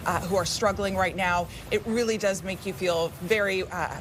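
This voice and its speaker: A woman's voice: mid-range voice, steady tone, normal speed. A woman speaking earnestly in a live interview for a food bank. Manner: earnest, heartfelt, a few fillers. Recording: outdoor noise with traffic.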